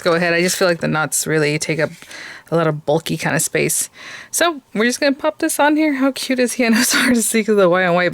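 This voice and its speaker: A woman's voice: lowish voice, dry recording. A woman hosting a casual crafting tutorial, chatting and thinking aloud as she works and gushing over cute details. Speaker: crafting channel host.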